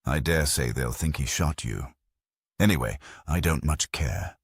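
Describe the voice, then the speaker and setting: A man's voice: rumbling low, lively intonation, a little slow, breathy edge, no room sound, studio quality, full character voice. A man doing an unhinged childish young killer. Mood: gleeful.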